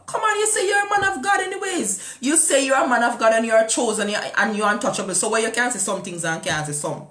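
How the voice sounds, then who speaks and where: A woman's voice: a little high, lively intonation, fairly quick, hardly any pauses, a bit bright, echoey room. A woman with a Jamaican accent hosting a morning show in casual chat. She talks with passion, firing rhetorical questions and mixing patois with English.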